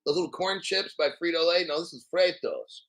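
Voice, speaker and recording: A man hosting a crypto livestream, reading an article aloud with profane, sarcastic rambling asides and frequent throat-clearing. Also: on the high side, fairly even intonation, brisk, fairly bright tone, low-quality recording. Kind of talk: profane ranting commentary while reading an article.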